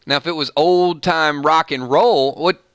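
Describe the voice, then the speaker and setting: A man's voice: fairly high pitch, a little slow, gravelly, fairly bright tone, no room sound. A man with a Southern US accent hosting a live stream, chatting casually and joking as he reads viewer comments aloud.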